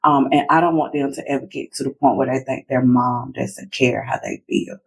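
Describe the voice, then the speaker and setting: A woman's voice: extremely low pitch, steady tone, moderate pace, husky, rough recording. A woman guest in a casual interview, talking reflectively about parenting and retelling conversations with her daughters. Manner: reflective, acts out family dialogue.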